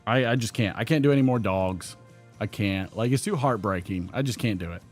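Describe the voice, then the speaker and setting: A man hosting a casual live pipe-smoking chat, telling stories and acting out quotes in a higher voice. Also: a little fast, soft background music. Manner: animated storyteller, acts out quotes in a higher voice. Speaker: podcast host.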